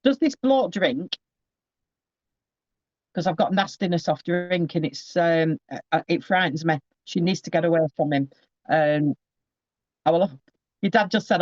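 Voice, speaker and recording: A man's voice: on the high side, moderate pace, long pauses, dry recording, dull audio. A man giving a casual psychic reading over a video call, rambling and often breaking off with asides.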